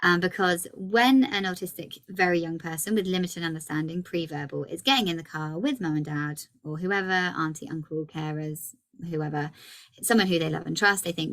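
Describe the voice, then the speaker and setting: Low-pitched woman, 30s, upbeat workshop presenter coaching parents. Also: moderate pace. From England. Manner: lively and encouraging, acts out child dialogue. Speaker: early communication practitioner.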